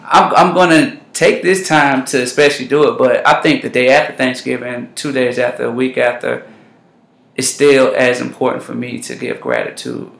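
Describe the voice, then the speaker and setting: A man's voice: medium pitch, lively intonation, normal speed, vocal fry, fairly bright tone. A man hosting a conversation, earnest and affirming as he raises questions. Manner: earnest, with many affirming mm-hmms. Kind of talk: conversational interview. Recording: roomy echo.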